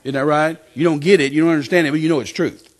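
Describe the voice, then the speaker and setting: Older preacher telling a testimony. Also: male voice, a little high, quick pace. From West Texas. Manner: animated storytelling, repeats phrases, acts out quotes. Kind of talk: sermon testimony.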